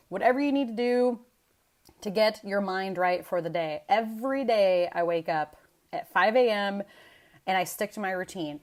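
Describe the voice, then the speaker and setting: A woman, giving a casual motivational talk in an animated, chatty way, swearing freely and saying "like" a lot. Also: medium pitch. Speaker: motivational vlogger.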